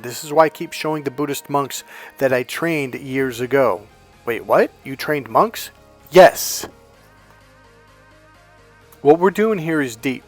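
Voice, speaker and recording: A man coaching a course on dating, telling a story bluntly, swearing and shouting his punchlines. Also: on the high side. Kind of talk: animated storytelling lecture.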